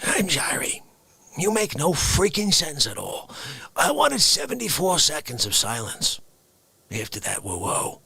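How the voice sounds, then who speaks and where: A man hosting a livestream, riffing comedically and swinging between loud shouts and hushed whispers. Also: a little high, wildly swooping pitch, a little slow, gravelly. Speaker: livestream host. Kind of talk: rambling comedic riff.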